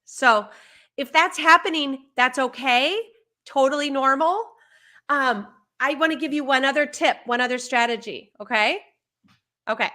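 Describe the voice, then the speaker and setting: A woman speaking as a parenting educator in conversational advice on a live stream, animated and acting out what a parent or child might say. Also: high voice, unhurried.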